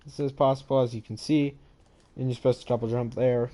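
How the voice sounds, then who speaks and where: Speaking a little fast in a mellow, steady mid-range voice, this young gaming channel host wanders through a relaxed walkthrough of maps he built. He sounds drowsy on his head-mounted mic, rambling, yawning, and saying sorry.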